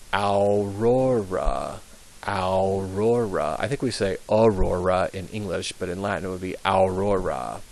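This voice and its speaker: A young adult man teaching a high school Latin pronunciation lesson, patiently repeating words slowly with frequent ums. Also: creaky, slight background noise, low-quality recording.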